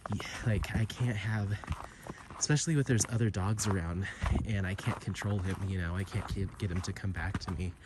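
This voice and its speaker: A man's voice: deep voice, normal speed. A man chatting casually and rambling with lots of fillers while walking a mountain trail for his vlog. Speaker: vlogger. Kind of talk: casual walk-and-talk vlog. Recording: heavy outdoor background noise. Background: loud outdoor noise.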